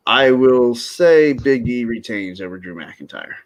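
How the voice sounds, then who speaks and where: A man's voice: mid-range voice, expressive, unhurried. Male podcast co-host, mid-range voice, loose, joking, rambling delivery. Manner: rambling, jokey, lots of restarts. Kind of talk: casual wrestling chat.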